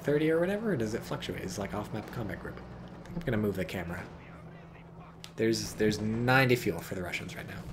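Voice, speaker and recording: A man's voice: medium pitch, noisy background. A man giving casual, rambling commentary on a strategy game, joking and swearing as he goes. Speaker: game caster.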